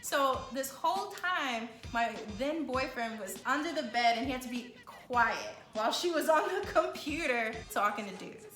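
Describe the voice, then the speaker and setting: Brief: woman in her thirties, high and bright voice, animated storyteller, echoey room. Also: moderate pace, hardly any pauses, faint music behind. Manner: animated storytelling, laughing, acts out quoted voices. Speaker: podcast co-host. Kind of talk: casual chat.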